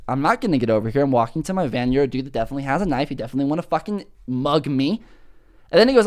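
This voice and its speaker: Animated, profane young man riffing. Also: on the high side, rapid-fire. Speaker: podcast host. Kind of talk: comedic rambling monologue.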